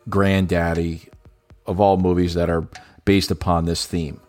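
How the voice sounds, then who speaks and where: Low-voiced guy chatting movies, laid back, slow drawn-out phrasing, faint music under it. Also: flat delivery, a little mellow. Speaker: co-host discussing films. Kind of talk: casual chat.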